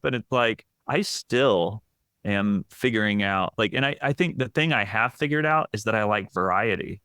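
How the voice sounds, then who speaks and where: A middle-aged executive coach talking candidly in a casual podcast interview, reflective and full of fillers and restarts. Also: male voice, on the low side, moderate pace, sharp tone, clear, resonant tone, no room sound, clean studio sound.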